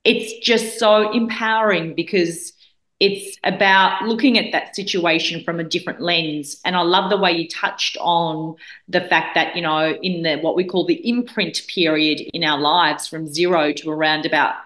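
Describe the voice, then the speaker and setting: A woman in her forties who grew up in Australia, speaking as a guest. Her voice sits on the low side, and she tells her story earnestly, often stopping to restart a sentence. The recording carries a noticeably roomy echo. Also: fairly even intonation, moderate pace, fairly bright tone. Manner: earnest, with frequent restarts and fillers. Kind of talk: reflective storytelling in conversation.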